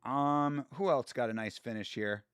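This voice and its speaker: A man's voice: medium pitch, normal speed, fairly bright tone, clean tone, no room sound, studio quality. A young man hosting a casual MMA live stream, rambling and swearing freely, with many fillers. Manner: rambling, profane, filler-heavy.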